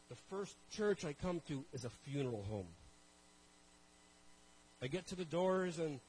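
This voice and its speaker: A man's voice: a little high, normal speed, dark tone, slight background noise, rough recording. A man from Canada preaching a sermon and telling a personal story. He talks conversationally, with self-deprecating asides, and addresses the congregation directly.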